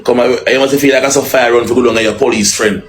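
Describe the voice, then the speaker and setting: A man's voice: medium pitch, steady tone, fast talker, a little hiss or hum. A man with a Jamaican accent in a heated, profane, taunting live-stream rant that repeats its jabs.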